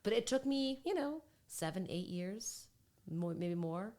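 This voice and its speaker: A woman's voice: medium pitch, lively intonation, measured pace, mellow. A woman guest in casual chat, talking candidly and mocking herself. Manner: chatty, candid, self-mocking.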